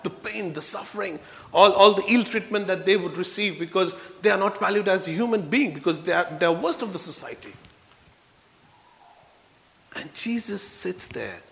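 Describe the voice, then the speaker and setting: A man preaching a sermon in a church, earnest, moving between soft low passages and loud emphatic ones. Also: gravelly. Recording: long reverb in a hall.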